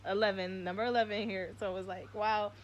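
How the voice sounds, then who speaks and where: A woman's voice: medium pitch, steady tone, quick pace, muffled recording, slight background noise. Chatty young woman rambling to viewers. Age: 20s. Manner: chatty, rambling, emotional, uses y'all and like. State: tearful. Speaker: vlogger. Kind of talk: casual spiritual chat to viewers.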